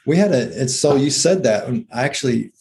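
A man's voice: medium pitch, animated, normal speed, darkish tone, slight background noise. A man co-hosting a conversational health podcast, explaining ideas with frequent restarts and checking in with his listener. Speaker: co-host, health practitioner. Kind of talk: casual conversational podcast talk.

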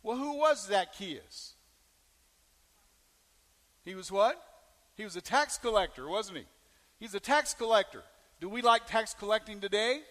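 A man's voice: high voice, animated, unhurried, long pauses, sharp tone, long reverb tail. A man preaching a sermon as pastor, telling folksy stories and asking the congregation questions.

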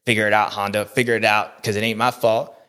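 A brash young racer as a man puts him on for a comedy bit rambles in slang and talks himself in circles. His voice sits a bit lower than the man's own, with a loose, offhand delivery. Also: flat delivery, fast talker, sharp tone, clear, resonant tone. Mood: cocky. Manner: rambling, self-contradicting, slangy. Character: cocky, rambling young male racing rider.

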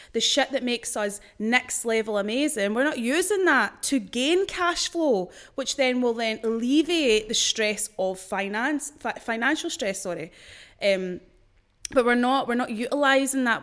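A young woman hosting a motivational podcast, blunt and sweary, with pep-talk energy. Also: a little high. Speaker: podcast host and business coach.

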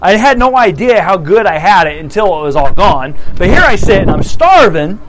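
A man's voice: high voice, sing-song, normal speed, background noise. A man voicing a remorseful, hungry young man talking to himself with regret. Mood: regretful.

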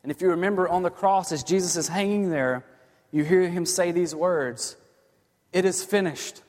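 A man preaching a sermon as a pastor, earnest, moving from hushed lines to emphatic ones. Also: high-pitched, moderate pace. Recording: long hall reverb.

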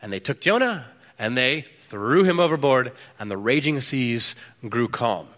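A man preaching a sermon, swinging between loud bursts and low, hushed stretches. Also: animated, a little slow, big-room sound. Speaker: pastor.

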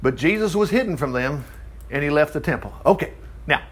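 A man preaching a sermon, reading scripture and commenting with animated exclamations. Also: a little high, a little fast, breathy edge. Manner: animated, exclaiming and chuckling between verses. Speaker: preacher teaching from the Bible.

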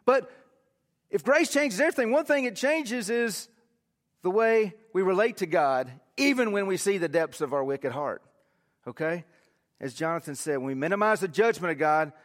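Guy pastor preaching, high voice, goes loud then real quiet, long echo from the big church hall. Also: expressive, normal speed. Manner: preaching with wide swings from loud to hushed. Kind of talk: sermon.

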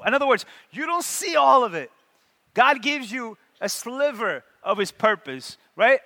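Male pastor, high bright voice, lively sermon delivery with call-and-response, church hall reverb. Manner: animated, call-and-response with the congregation.

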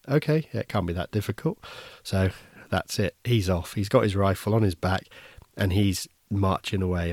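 A man's voice: low-pitched, darkish tone, no room sound, studio quality. A man hosting a podcast, telling a story in an easygoing, wry way, often restarting his sentences. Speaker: podcast host. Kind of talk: casual first-person storytelling.

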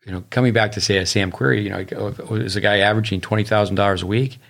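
A man's voice: fairly low pitch, steady tone, fast, creaky, a bit bright. A middle-aged man, a tennis coach, talking in a rambling, anecdotal way on a casual podcast. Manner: rambling, anecdotal, with bursts of speed.

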